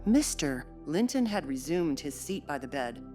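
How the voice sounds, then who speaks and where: Low-voiced woman narrating a classic novel. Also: faint music behind. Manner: measured, steady storytelling. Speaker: audiobook narrator.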